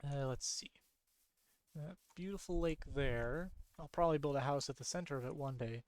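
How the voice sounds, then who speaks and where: A man giving casual, rambling gameplay commentary late at night, sleepy and yawning, who repeats himself and gets excited easily. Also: on the high side, moderate pace. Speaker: streamer.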